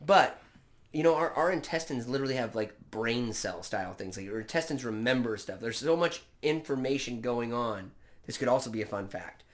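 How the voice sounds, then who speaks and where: A man's voice: medium pitch, expressive, brisk. A man co-hosting a casual chat, crude and joking, rambling through stories. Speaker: podcast co-host.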